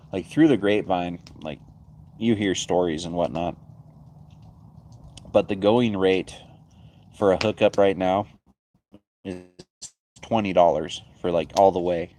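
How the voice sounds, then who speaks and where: The man's voice is low-pitched and darkish, with slight background noise picked up by his phone. He's hosting a laid-back livestream chat beside a backyard bonfire, rambling and chuckling frequently.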